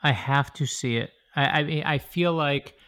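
A man who is an author, answering interview questions in an animated way, talking quickly and restarting his sentences. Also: fairly high pitch. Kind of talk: interview conversation.

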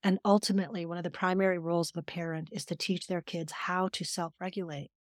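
A woman's voice: on the low side, flat delivery, quick pace, no room sound, studio quality. A middle-aged woman therapist speaking earnestly and emphatically as a podcast guest, telling stories and explaining. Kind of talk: conversational podcast interview.

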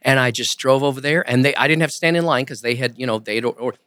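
Animated storytelling man, dry studio sound. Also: mid-range voice, fast talker, smooth, no room sound. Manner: animated storyteller, acts out quoted voices. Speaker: guest, ventriloquist and impressionist. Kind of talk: casual interview storytelling. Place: podcast studio.

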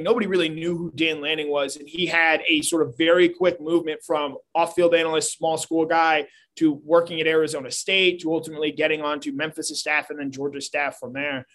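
A man's voice: a little high, steady tone, fairly quick, few pauses, a bit bright. A man co-hosting a casual sports talk show, analytical and prone to restarting his sentences. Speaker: sports podcast co-host.

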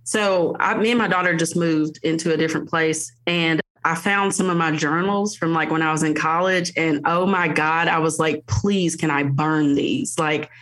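A woman's voice: deep voice, normal speed, few pauses. A woman in her thirties with a Southern US accent, chatting as a guest over a video call and acting out people in her stories. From Tennessee, USA. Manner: animated storyteller, acts out quoted voices. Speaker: guest, teacher. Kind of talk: casual chat.

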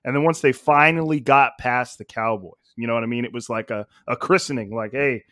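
Brief: relaxed male podcast host, mid-pitched, speaking in a dry, close room. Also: brisk, no echo. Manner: laid-back, loose, filler-heavy. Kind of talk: casual sports chat.

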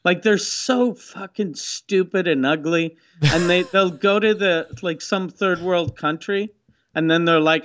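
A man's voice: high-pitched, a little slow, a bit bright, highs cut off. A man in casual chat, telling stories with a profane, mocking edge.

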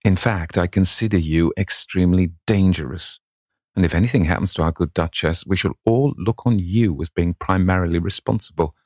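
A courteous, formal old gentleman, voiced by a man in a storybook reading, who speaks slowly and with old-fashioned politeness. The voice is very deep with a gravelly edge, recorded dry and close. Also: dry recording.

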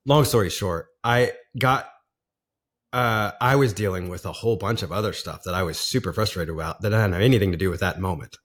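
A man in his forties with a lowish voice tells a personal story on a podcast. He rambles earnestly and often restarts his sentences. He laughs now and then as he talks. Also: fairly quick. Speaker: podcast guest. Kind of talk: casual storytelling conversation.

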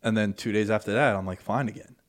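A man hosting a casual podcast, telling stories in an animated, profane way. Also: lowish voice, fast talker. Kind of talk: casual storytelling chat.

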